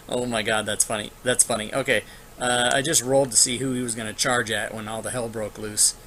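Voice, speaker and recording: A man's voice: medium pitch, little pitch movement, normal speed, pushed and bright, slight background noise, low-quality recording. A man running an online tabletop game as dungeon master, narrating monster turns casually with lots of filler. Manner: casual, thinking aloud with frequent filler.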